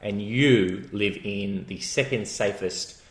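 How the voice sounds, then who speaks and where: A man's voice: on the low side, takes it slowly, roomy sound, a little hiss or hum. An Australian man co-hosting a comedy podcast, telling rambling stories and laughing often. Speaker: podcast co-host. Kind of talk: casual comedic chat.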